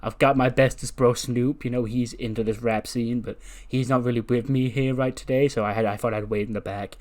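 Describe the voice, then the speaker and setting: A man's voice: mid-range voice, steady tone, a little fast, a little mellow, natural voice. Laid-back surfer-bro wrestler with a lazy drawl, voiced by a male narrator. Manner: drawling, says bro constantly.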